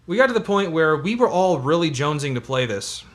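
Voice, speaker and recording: A man co-hosting a casual tabletop gaming podcast, telling an animated, sarcastic story about a late player. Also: on the high side, brisk. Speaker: podcast co-host.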